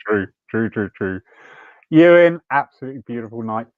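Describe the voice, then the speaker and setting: A man with a medium-pitched, animated voice hosts a church evening over a video call at a moderate pace, chatting, sharing a personal story and laughing easily. The call audio sounds tinny and phone-like, with no room sound.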